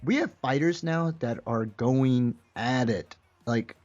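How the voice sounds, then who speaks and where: A man's voice: mid-range voice, slow pace, darkish tone, faint music behind. A young man co-hosting a podcast in casual chat, rambling and laughing often. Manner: laid-back, rambling, laughs often, many fillers. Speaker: podcast co-host. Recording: dull lo-fi sound.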